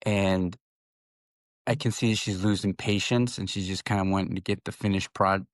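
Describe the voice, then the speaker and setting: A man in his thirties co-hosts a casual podcast chat, telling a story in a loose, rambling way full of restarts. His voice sits low. The sound is dry and close, with no room around it. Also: fairly even intonation, normal speed, no room sound. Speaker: podcast co-host.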